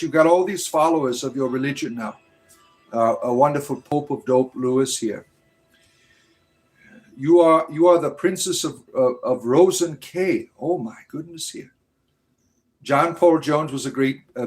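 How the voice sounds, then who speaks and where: A man from the United States hosts a casual livestream, reading the chat aloud and rambling, often tagging his sentences with "right?" His voice is medium in pitch.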